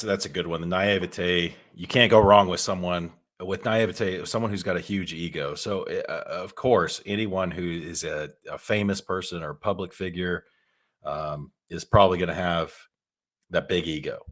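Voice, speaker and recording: Low-voiced Texan man, podcast co-host, folksy and self-deprecating. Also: fairly bright tone. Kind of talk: casual podcast conversation.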